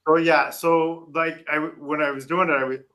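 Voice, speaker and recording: A man co-hosting a music podcast, speaking haltingly with restarts and casual swearing. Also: fairly high pitch, little pitch movement, bright, forceful tone, rough recording. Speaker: podcast co-host. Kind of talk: casual chat.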